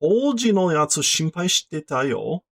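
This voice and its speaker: A man reading a curious, chatty teenage schoolboy's lines aloud in careful, halting learner's Japanese. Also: a little high, sing-song, fairly bright tone, dry recording, clean studio sound, pitched above the performer's own voice, exaggerated voice.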